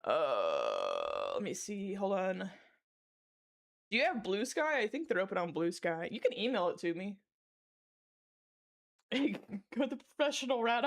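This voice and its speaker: A woman's voice: a little high, very animated, unhurried. A woman livestreaming from a small room at home, chatting casually with viewers, giggling breathlessly and swearing freely between lines.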